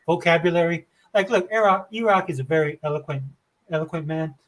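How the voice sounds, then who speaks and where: A man talking in casual podcast chat, loose and fast, peppering his talk with "dude". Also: fairly high pitch, fairly bright tone, a little hiss or hum.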